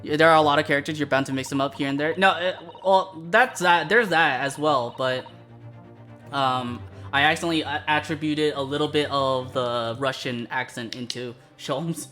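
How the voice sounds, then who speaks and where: A streamer talking quietly between lines of game dialogue during a live playthrough. The asides are soft and self-deprecating. Faint music runs in the background. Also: medium pitch, fairly even intonation, moderate pace.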